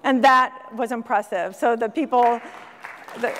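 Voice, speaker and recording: A woman with a high voice tells a story from the stage of a large conference hall. She acts out the voices of the people she quotes, and the sound rings with a long hall reverb. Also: steady tone, a little slow, over a noisy crowd, heavy background noise. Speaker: speaker at a conference. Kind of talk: storytelling talk to an audience.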